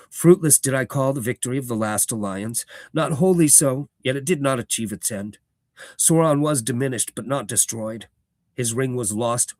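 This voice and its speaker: A man voicing an ancient, grave elf lord who speaks in a slow, stately, lyrical way. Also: mid-range voice, no echo, clean studio sound, natural voice. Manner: slow, stately, elevated delivery.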